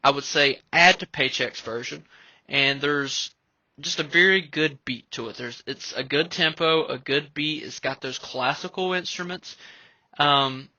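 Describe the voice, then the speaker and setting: Young male podcast host, bright and a touch high, loose rambling chat, dull lo-fi dry sound. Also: measured pace, dry recording. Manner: rambling, conversational, fond of "like" and "right?". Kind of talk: casual music commentary.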